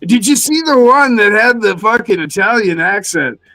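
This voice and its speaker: A man's voice: animated, normal speed, pushed and bright, dry recording, rough recording. Laid-back swearing male streamer. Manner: laid-back, swearing, acts out quotes in a high voice. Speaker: co-host. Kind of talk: casual livestream chat.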